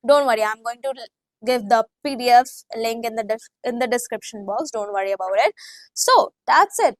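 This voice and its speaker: A woman's voice: a little high, expressive, moderate pace, low-quality recording. A woman presenting a casual tutorial vlog as an English learning host, reassuring her viewers and often correcting herself mid-sentence. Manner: spells out words and demonstrates pronunciation.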